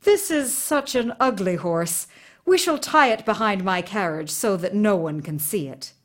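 A woman's voice: medium pitch, lively intonation, unhurried, close to an everyday voice. A woman playing a vain, haughty prince. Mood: disdainful.

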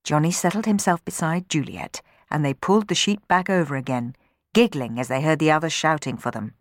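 A woman narrating a children's story from a book in an expressive, dramatic reading. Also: deep voice, a little fast, no room sound, studio quality.

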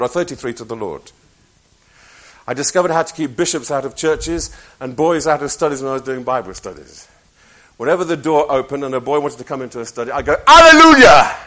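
A man's voice: medium pitch, fairly bright tone. A man in his sixties, a preacher, giving a personal testimony with wry, self-mocking humor.

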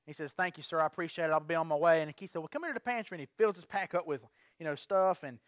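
A pastor tells stories from the pulpit in a high voice, rambling and restarting as he goes. His voice is dry and close, with no room sound. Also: quick pace, dry recording. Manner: rambling, lively storytelling with many restarts. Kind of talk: storytelling sermon.

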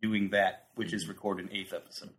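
Late-20s man co-host, relaxed and chuckling, voice with a bright, forceful tone. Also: deep voice, fairly quick. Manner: easygoing, laughs often. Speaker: podcast co-host. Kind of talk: casual chat.

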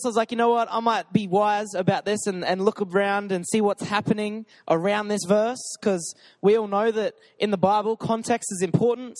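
A young man with a notably high voice delivers a sermon at a church gathering. He is casual and joking, reads scripture aloud, then spurs the crowd with "come on.". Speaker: pastor.

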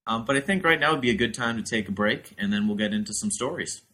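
A man's voice: medium pitch, lively intonation, quick pace, pushed and bright. A man in his late twenties from New Hampshire, co-hosting a podcast in a jokey, playful casual chat. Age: late 20s. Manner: jokey, playful, laughs often. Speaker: podcast co-host.

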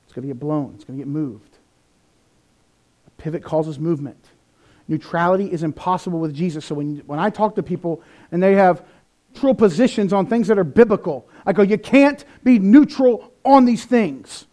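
A man preaching a sermon, animated, acting out quoted voices with big swings in pitch and loudness. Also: fairly quick. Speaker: pastor.

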